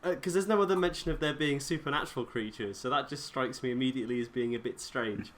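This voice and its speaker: A man's voice: medium pitch, quick pace, a bit bright, slight background noise. Wry man chatting. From England. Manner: wry, restarts sentences. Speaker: guest. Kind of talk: casual chat.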